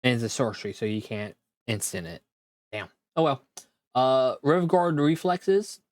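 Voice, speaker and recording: Man opening card packs in his room, reads text slowly and stumbles, dry close sound. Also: medium pitch, no room sound. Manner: reads card text aloud haltingly, with quick reactions. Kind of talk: casual card-pack opening commentary. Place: own room at home.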